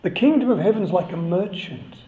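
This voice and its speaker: A man's voice: high-pitched, animated, fairly quick. A man giving a chatty, conversational sermon and joking with the congregation. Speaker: preacher. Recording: echoey, slightly dull church recording.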